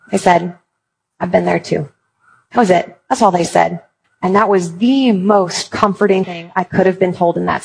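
A woman's voice: on the low side, creaky, husky, rough recording. A woman giving a Christian talk to parents, telling stories with humor. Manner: lively storytelling with humor. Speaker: Christian speaker. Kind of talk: conference talk.

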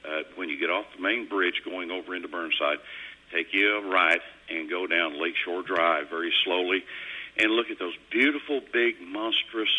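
A man's voice: sits low, moderate pace, dull audio. A middle-aged man, hosting a radio show in a folksy, rambling storytelling way. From Kentucky. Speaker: radio host. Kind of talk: casual on-air chat. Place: radio studio.

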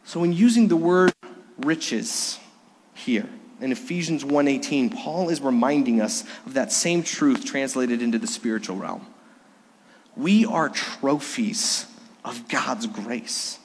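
A man's voice: medium pitch, lively intonation, takes it slowly, a little hiss or hum. A man preaching a sermon during a Sunday service, talking conversationally, with restarts and storytelling asides. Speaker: pastor. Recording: long reverb of a church sanctuary.

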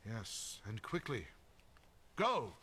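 An actor playing a calm, grave male apostle leading his followers in a radio drama. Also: lowish voice, drawn-out words, a little hiss or hum, exaggerated voice. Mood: solemn.

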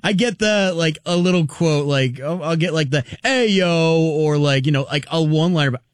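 High-pitched, laughing sports co-host. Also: male voice, a little fast, dry recording. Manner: laughing, easygoing. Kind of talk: casual sports talk.

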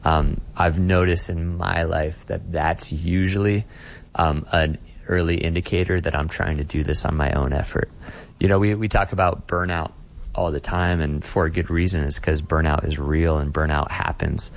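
A man with a very low, deep voice talks as a guest on an interview show. He is a pastor, earnest and reflective, and he often circles back and restarts his words as he works through an idea. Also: steady tone, normal speed, gravelly.

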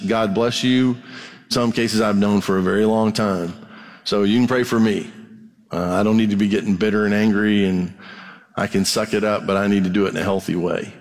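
A man, a pastor, preaching a sermon in a casual, conversational way, quoting imagined objections from his listeners. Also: fairly low pitch. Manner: conversational preaching, quotes hecklers in asides. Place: church sanctuary. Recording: long reverb of a large hall.

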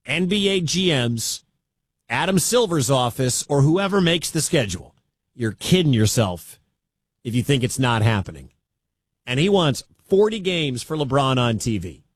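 A man's voice: medium pitch, slightly rough, no room sound. A man hosting a sports radio show, talking in an emphatic way and repeating his key points.

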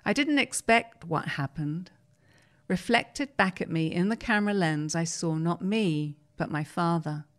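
A woman, reading newspaper articles aloud on the radio in a steady, measured way. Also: lowish voice. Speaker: radio reader.

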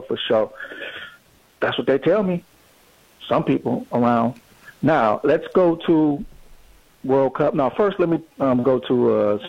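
A man's voice: mid-range voice, vocal fry, dry recording. A man calling in to a sports talk show, boastful and rambling. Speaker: caller. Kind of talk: call-in rant. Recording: phone call-in line.

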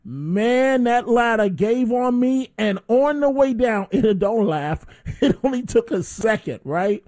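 A man's voice: extremely high pitch, lively intonation, unhurried, few pauses, a little mellow. A middle-aged man hosting call-in talk radio, telling stories animatedly and laughing at himself. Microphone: studio microphone.

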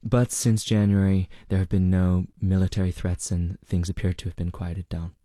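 A man answering interview questions as a reporter, measured and explanatory, with occasional fillers. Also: low voice, flat delivery, warm tone, no room sound, studio quality. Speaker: reporter guest.

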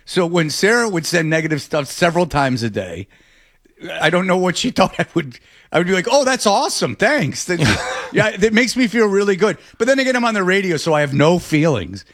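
A male sports radio host talking into a studio mic in loose, bantering on-air chat. His pitch swings up and down a lot as he tells stories, and he keeps slipping into other people's voices. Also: a little fast. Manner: animated storytelling, jumping into voices.

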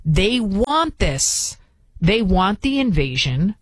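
Fired-up woman ranting on her commentary show, mid pitch, super dry close mic. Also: big pitch swings, takes it slowly, husky, no echo, poor audio. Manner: indignant, emphatic, repetitive rhetorical questions. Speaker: political commentary host. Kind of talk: opinion monologue to camera.

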